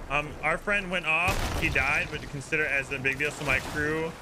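A man's voice: on the high side, moderate pace. A man streaming a game, doing playful cop role-play in a mock-official, bantering, theatrical way. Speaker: streamer host. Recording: steady background noise.

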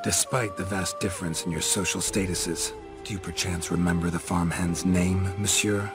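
A weary monster hunter from a fantasy game, played by an actor, short with his words and dry in his questions. His voice sits very low and gruff. Game music plays behind him. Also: fairly even intonation, moderate pace, natural voice. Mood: blunt. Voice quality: gruff, terse. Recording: game score playing behind.

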